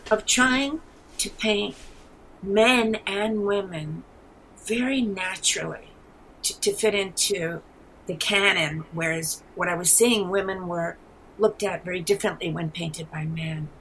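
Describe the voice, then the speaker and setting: Casting: seventies woman, New York accent, low gravelly voice, rambling storyteller, faint hiss behind. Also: unhurried, rough recording. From New York City. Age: 70s. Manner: rambling, animated storyteller with frequent restarts. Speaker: guest artist. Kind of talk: casual interview.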